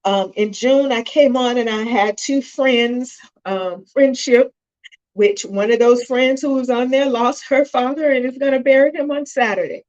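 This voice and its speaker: A woman's voice: high-pitched, a little slow, highs cut off. Emotional middle-aged woman hosting a stream. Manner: emotional, choking up and apologizing; warm, addresses viewers directly. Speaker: host of a self-help live stream. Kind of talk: heartfelt live-stream talk. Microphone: phone.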